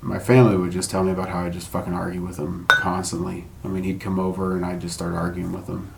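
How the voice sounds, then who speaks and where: A man's voice: deep voice, completely flat delivery, fast, vocal fry, background noise. A middle-aged man telling a personal story in a casual, rambling way, swearing freely and laughing between thoughts. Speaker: guest sharing a grief story. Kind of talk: casual podcast chat.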